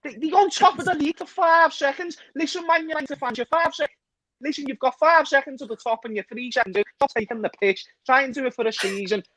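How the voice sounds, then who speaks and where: A woman on a fan panel, ranting in an animated, sweary and indignant way. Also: high voice, quick pace, a little hiss or hum, low-quality recording. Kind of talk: casual ranting chat.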